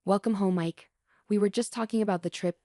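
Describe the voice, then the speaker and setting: A woman's voice: on the low side, fairly even intonation, fairly quick, mellow, no room sound, clean studio sound, natural voice. A woman reading as a smug scheming mother-in-law. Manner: smug, mocking.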